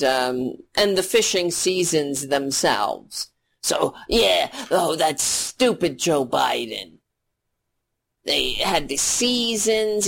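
Slow-talking sarcastic woman ranting. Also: lowish voice. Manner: sarcastic, profane, mocking. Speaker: political commentary host. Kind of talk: ranting political commentary.

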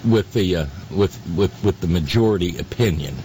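A man hosting a talk radio show, giving political commentary in a halting, sarcastic way full of fillers. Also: low-pitched, warm tone, a little hiss or hum.

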